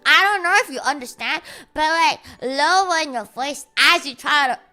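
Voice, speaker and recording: Young woman, high voice, lively swoops, bright tone, playful, faint music behind. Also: normal speed. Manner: playful, exaggerated, swears freely. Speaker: livestreamer. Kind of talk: casual stream chat.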